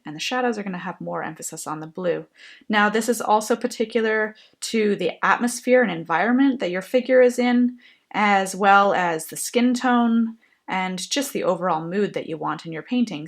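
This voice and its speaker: A woman explaining a painting technique while she works, in a gentle, thoughtful way. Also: medium pitch, vocal fry. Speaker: painting instructor. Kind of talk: painting tutorial narration.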